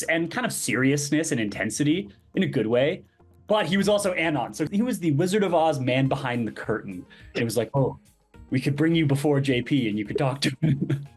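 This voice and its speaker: A man, a podcast guest, telling a story in casual conversation and acting out the dialogue he quotes. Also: fairly high pitch. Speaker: podcast guest, crypto project founder.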